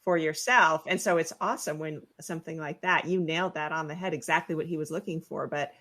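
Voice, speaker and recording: A woman hosting a casual interview, her voice sitting a little low. She asks thoughtful follow-up questions and affirms what her guest says. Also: steady tone, brisk, a bit bright. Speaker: interview host.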